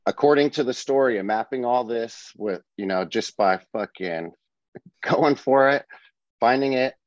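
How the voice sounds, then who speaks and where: A man's voice: mid-range voice, measured pace, no room sound. A man co-hosting a podcast in casual chat, ranting in a laid-back way with swearing and laughter. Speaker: podcast co-host. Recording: dry, dull lo-fi sound.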